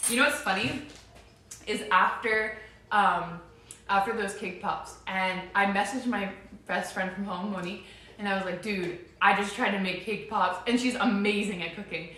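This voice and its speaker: A woman's voice: mid-range voice, moderate pace, pushed and bright. A young woman livestreaming from her home kitchen, chatting casually and giggly with viewers, rambling as she goes. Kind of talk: casual cooking livestream chat. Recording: echoey room, mic a bit far off.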